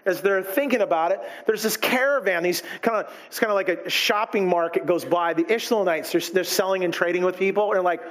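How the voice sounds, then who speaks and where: High-voiced guy preaching, animated, does little voices for the people in the story. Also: brisk, hardly any pauses. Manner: animated, acts out quoted characters. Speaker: pastor. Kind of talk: sermon.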